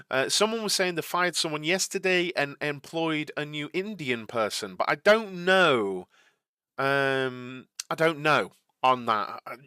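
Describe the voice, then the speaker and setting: A man's voice: mid-range voice, pushed and bright, smooth, no echo, clean studio sound. A young man hosting a live watch-along stream, chatting casually with viewers. He rambles and repeats himself, and he laughs easily.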